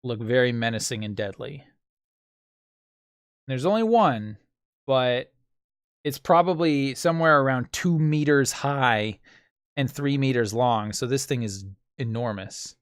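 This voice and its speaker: A man's voice: mid-range voice, a little slow, clean tone, no room sound, clean studio sound. A man running a tabletop game as game master, describing scenes vividly and making sound effects with his mouth.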